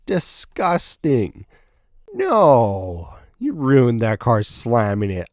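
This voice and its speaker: A man's voice: on the low side, darkish tone, dry recording, studio quality. A young man hosting a casual reaction video, blunt and profane, mocking what he sees with sudden outbursts.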